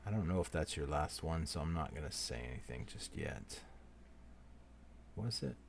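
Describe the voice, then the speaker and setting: Gravelly and extremely low-pitched, this livestream host speaks expressively at a normal speed, with a little hiss or hum in the audio. Running a giveaway, he apologizes to each name he calls with "so sorry, my friend," moving between loud call-outs and quiet asides in a friendly, casual manner.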